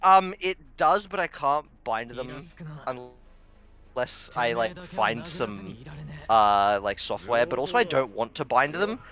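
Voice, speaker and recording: A man chats through a fighting game match, his voice bouncing up and down as he jokes and laughs at himself. Game music plays clearly beneath him on the stream. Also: medium pitch, very animated, takes it slowly, pushed and bright. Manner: laughs often, chatty and self-deprecating. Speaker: co-commentator. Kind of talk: casual esports commentary.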